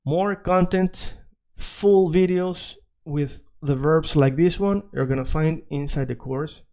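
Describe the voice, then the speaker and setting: Patient man teaching, dark voice. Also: a little high, slow. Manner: explains patiently, repeats words, checks in with "all right?". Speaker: Spanish teacher. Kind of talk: video language lesson.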